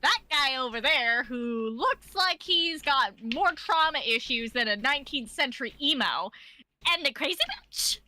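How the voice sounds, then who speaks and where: A woman's voice: sits high, expressive, moderate pace, bright, forceful tone, no echo, exaggerated voice, low-quality recording. A woman playing a brash, sarcastic young adventurer who mocks others bluntly and swears freely. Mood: mocking.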